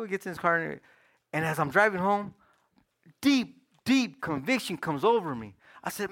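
High, bright-voiced preacher man telling his story. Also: normal speed. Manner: casual storytelling with slang, lively swings from loud to hushed. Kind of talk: sermon testimony.

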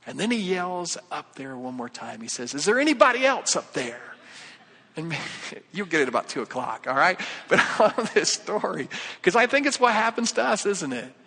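Bright-voiced male pastor in reverberant hall. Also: high voice, animated, moderate pace, creaky, slightly rough. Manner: conversational, jokey, acts out quoted voices. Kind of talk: sermon with acted-out story.

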